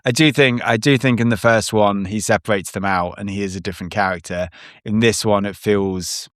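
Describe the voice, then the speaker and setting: Low-voiced man, halting chatty host. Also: steady tone, fairly bright tone, dry recording, studio quality. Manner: halting, many restarts, laughs often. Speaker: podcast host. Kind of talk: casual chat.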